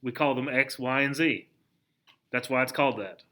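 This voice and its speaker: Brief: male history teacher, lively classroom lecture, questions to students, bright tone. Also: mid-range voice. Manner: animated, conversational, asks the class questions; acts out historical figures in quick asides.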